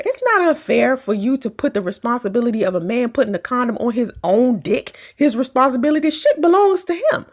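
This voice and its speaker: A woman's voice: high-pitched, lively intonation, normal speed. Woman vlogger, pregnant, answering comments in a casual way; blunt, profane, laughs easily.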